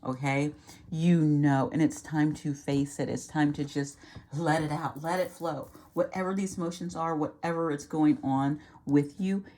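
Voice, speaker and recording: Low-voiced woman giving a tarot reading. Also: steady tone, a little slow, warm tone. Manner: earnest, reassuring, repeats phrases, trails off mid-sentence. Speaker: tarot reader. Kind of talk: intuitive tarot reading to camera.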